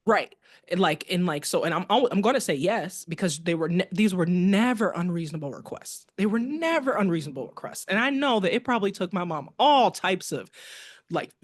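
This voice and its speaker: A woman guest on a podcast, recounting a personal story in a lively way and acting out the dialogue she remembers. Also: on the low side, a little fast.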